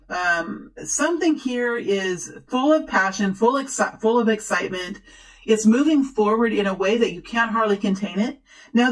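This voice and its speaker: A woman's voice: mid-range voice, rough recording. Chatty woman giving a rambling tarot reading. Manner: chatty and rambling, many fillers and restarts, encouraging. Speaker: tarot reader. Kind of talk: casual tarot reading to camera.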